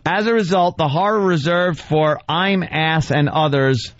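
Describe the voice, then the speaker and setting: A man's voice: a little high, measured pace, dry recording, dull audio. A man co-hosting a radio show, reading a blog aloud in a sarcastic, mocking way. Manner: sarcastic, reads text aloud and mocks it. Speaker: radio co-host. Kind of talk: mocking read-aloud commentary.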